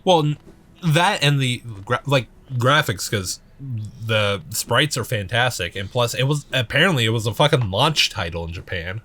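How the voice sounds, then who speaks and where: A man's voice: mid-range voice, lively intonation, normal speed, sharp tone. A man co-hosting a let's play, chatting casually about games with lots of fillers, restarts and swearing. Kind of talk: casual chat while gaming.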